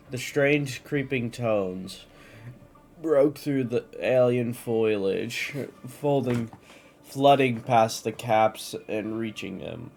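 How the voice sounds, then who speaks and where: Slow, stumbling male storyteller. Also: medium pitch, a little mellow, slight background noise. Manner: stumbles and restarts, occasional coughs. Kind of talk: casual reading of fan lore.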